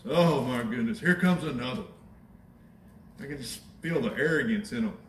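A man preaching a sermon in a conversational, animated way, with wry asides to the congregation. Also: medium pitch, moderate pace, slight background noise. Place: church sanctuary. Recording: echoey church from a distance.

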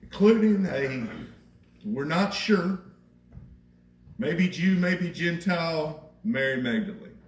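Animated yet slow, with long pauses, a pastor preaches in a high voice, addressing his congregation conversationally, asking rhetorical questions, and repeating himself for emphasis. A mic placed at a distance captures his voice echoing across the spacious church.

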